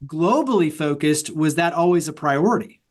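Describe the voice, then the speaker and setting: A man's voice: fairly high pitch, expressive, normal speed. A man from Texas hosting a conversational interview, friendly and chatty with laughing asides. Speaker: podcast host.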